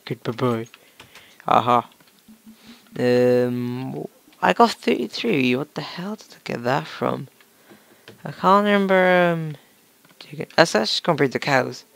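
A man's voice: fairly high pitch, expressive, measured pace, vocal fry, pauses often, a bit bright, no room sound. A young man with a slight cough, casually chatting and swearing as he plays and talks to his viewers. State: slight cough, throat sore. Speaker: gaming channel host. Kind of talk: let's play game commentary.

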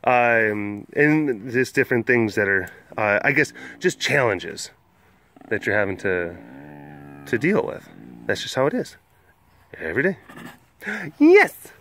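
A man's voice: medium pitch, expressive, unhurried, long pauses, pushed and bright, a little hiss or hum. Guy gushing baby talk at big cats, voice bouncing all over, faint animal sounds around. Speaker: big cat keeper and video host. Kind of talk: casual chat to animals. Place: outdoors at a wild animal facility.

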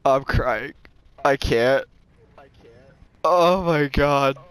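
A man's voice: medium pitch, drawn-out words, fairly bright tone, clear, resonant tone. A man chatting casually while playing an online game, teasing and laughing in disbelief. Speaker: gamer streamer. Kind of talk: casual gameplay chat.

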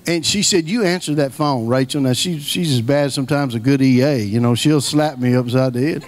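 A man's voice: mid-range voice, brisk. A middle-aged man preaching a sermon, telling stories in a folksy way and repeating key phrases for emphasis. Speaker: guest preacher.

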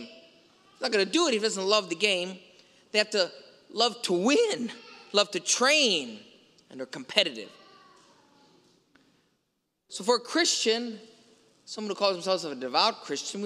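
A man's voice: high-pitched, sharp tone. A man preaching a sermon as a priest, telling a story and asking emphatic rhetorical questions. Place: large church. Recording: long church reverb.

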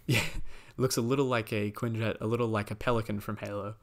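A man's voice: on the low side, fairly even intonation, a little fast. A man hosting a podcast, chatting casually about a movie and recapping the plot with lots of fillers and quoted lines. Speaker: podcast host.

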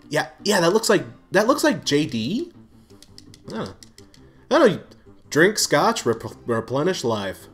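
A man giving live commentary while playing a video game, excitable and given to swearing. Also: mid-range voice. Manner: excitable, swears, frequent shouts and laughs. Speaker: gaming YouTuber. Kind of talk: live let's-play commentary.

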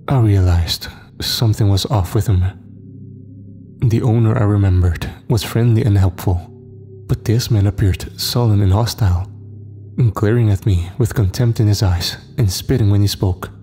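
A man tells a first-person horror story in a steady, measured voice. His tone is low and mellow, and faint music plays underneath. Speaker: narrator. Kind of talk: scripted horror narration.

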